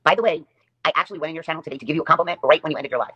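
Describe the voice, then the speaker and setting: A woman's voice: low voice, very fast, fairly bright tone, breathy edge, lo-fi sound. A woman hosting her own livestream, delivering a sarcastic, taunting rant and repeating her jabs over and over. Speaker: livestream host.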